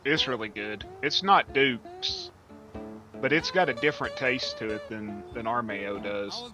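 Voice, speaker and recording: A man's voice: lowish voice, steady tone, moderate pace, sharp tone, faint music behind. A man casually chatting during a gaming livestream, rambling through folksy, profane stories. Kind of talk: casual gaming stream chat.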